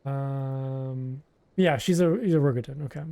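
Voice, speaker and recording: A man's voice: mid-range voice, unhurried, warm tone. A man streaming a role-playing game, chatting casually and rambling with lots of fillers and restarts. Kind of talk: casual gameplay commentary, reading dialogue aloud.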